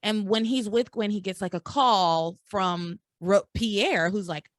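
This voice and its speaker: A woman's voice: mid-range voice, measured pace, no echo, studio quality. A woman co-hosting a podcast, chatting casually and animatedly with many restarts and laughs. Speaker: podcast co-host. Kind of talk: casual recap chat.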